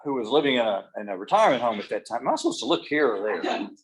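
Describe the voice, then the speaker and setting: A man's voice: medium pitch, very animated, rapid-fire, slightly rough. Folksy man giving a keynote. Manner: folksy, self-deprecating, joking. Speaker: keynote speaker. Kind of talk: humorous motivational speech.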